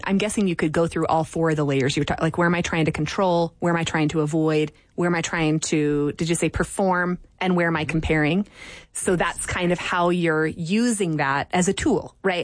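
A woman with a fairly low voice hosts an interview podcast. She asks reflective, probing follow-up questions, and her voice is recorded dry and close. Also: dry recording. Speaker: podcast host. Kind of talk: interview conversation.

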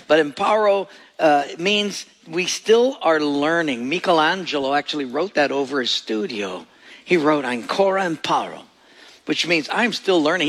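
A man preaching a sermon, his voice gravelly with fry and pitched a little above the usual for a man. He tells stories as he goes and acts out the people in them. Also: fairly bright tone. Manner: storytelling, acts out quoted voices. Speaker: pastor.

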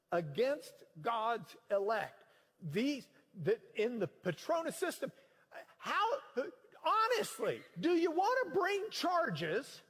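A preacher man teaches scripture in an animated, emphatic way. His voice sits high and swings widely in pitch. The sound rings with a long hall reverb. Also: slightly rough. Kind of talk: sermon-style Bible teaching.

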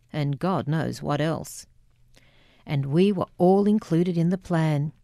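A woman with an Australian accent reading her memoir aloud in a measured, reflective way. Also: lowish voice, mellow, no echo, studio quality. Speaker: memoir narrator. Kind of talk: scripted memoir narration.

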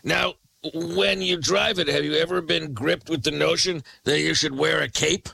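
A man voicing a sarcastic sock-puppet late-night radio host with a gravelly, raspy voice, teasing his caller with quick comebacks. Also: a little high, fairly even intonation, bright, forceful tone, no echo, heavily acted. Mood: wisecracking.

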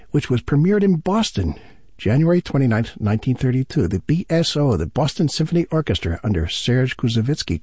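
A man presenting on classical radio, chatty and relaxed as he explains music history. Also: lowish voice, slightly rough, no echo, studio quality.

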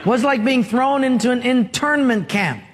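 A man's voice: very high-pitched, moderate pace, a little hiss or hum. A man preaching a sermon, telling humorous stories and prompting the congregation to answer. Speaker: pastor. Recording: long hall reverb.

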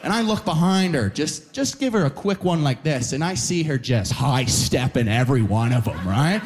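A man performing a stand-up set at a live show, animated and tacking "right?" onto his lines while acting out characters. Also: mid-range voice, normal speed. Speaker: stand-up comedian.

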